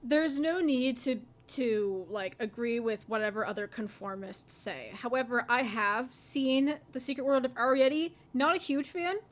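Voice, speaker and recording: Woman podcaster, kinda high voice, dry sarcastic chat, lots of "like". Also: measured pace, few pauses. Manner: sarcastic, many "like" fillers. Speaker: podcast co-host. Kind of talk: casual chat.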